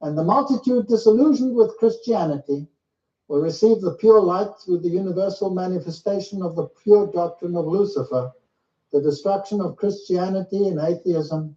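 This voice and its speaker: A man's voice: sits high, normal speed, dark tone. A man preaching a sermon-style lecture, emphatic and full of rhetorical questions to his listeners. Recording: echoey, distant, muffled.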